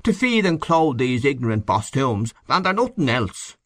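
A man's voice: medium pitch, sing-song, moderate pace, no echo, pitched above the performer's own voice. A man reading an audiobook and voicing a touchy, self-pitying middle-aged man who is easily offended. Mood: indignant. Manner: indignant, then coaxing and comical. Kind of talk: audiobook character voice.

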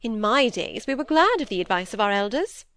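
A woman's voice: a little high, sing-song, brisk, fairly bright tone, clear, resonant tone, dry recording. Fussy peevish middle-aged mother, read by a woman, dry close sound. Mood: offended. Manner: querulous, peevish. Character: querulous middle-aged stepmother, vain and fretful.

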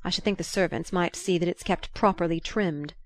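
A woman's voice: lowish voice, brisk, no room sound, studio quality, close to an everyday voice. A woman reading the lines of an irritable young man in an audiobook, speaking curtly and impatiently. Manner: curt, impatient.

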